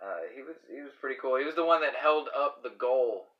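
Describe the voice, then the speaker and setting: A man co-hosting a podcast, chatting casually over beers, rambling and halting, often laughing. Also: medium pitch, lively intonation, highs cut off. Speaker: podcast co-host.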